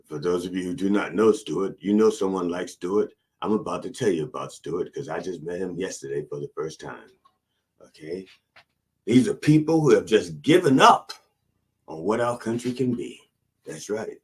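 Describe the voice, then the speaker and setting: A man hosting a comedic mock sermon in an animated preacher cadence, repeating phrases and mixing cussing into his preaching. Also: lowish voice, normal speed. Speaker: comic preacher host.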